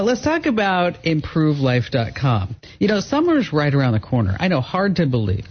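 Chatty radio host guy, kinda husky, slightly high voice, dull radio sound. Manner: chatty, laughs easily. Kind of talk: call-in radio talk. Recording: dull broadcast audio.

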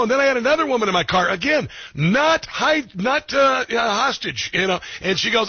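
Bright, husky joking radio host man. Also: very high-pitched, fairly quick, few pauses, no room sound. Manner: animated, jokey, self-mocking. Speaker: radio talk show host. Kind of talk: talk radio banter. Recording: dull lo-fi radio audio.

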